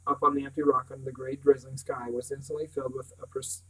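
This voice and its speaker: A man's voice: mid-range voice, level tone, fast, bright, forceful tone, breathy edge, poor audio. A man reading a novel aloud as narrator, now and then stumbling and restarting words. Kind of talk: audiobook reading.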